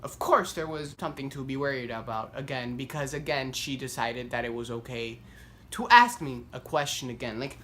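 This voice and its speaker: A young man vlogging, telling a story casually and rambling with lots of "like" fillers, getting animated as he goes. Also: mid-range voice, moderate pace, slight background noise. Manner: rambling, heavy use of "like", self-deprecating; animated, voice climbs when worked up.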